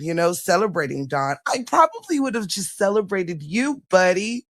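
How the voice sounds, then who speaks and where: A woman's voice: lowish voice, lively intonation, normal speed, few pauses. A woman live streaming, chatting casually with her viewers in a gushing, theatrical, giggly way and slipping into a mock-dramatic diary recital.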